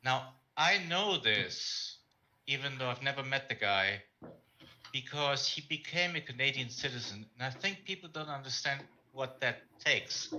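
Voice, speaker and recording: A man co-hosting a livestream, chatting casually, animated and laughing, often repeating words. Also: medium pitch, a little hiss or hum, low-quality recording. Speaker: stream co-host. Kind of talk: casual chat.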